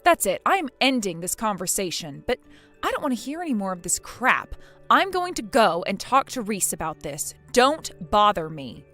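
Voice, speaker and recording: A woman's voice: mid-range voice, very animated, moderate pace, sharp tone, faint music behind. A woman voicing a bossy, scornful middle-aged mother-in-law in a text-message drama, harsh and scolding. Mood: threatening.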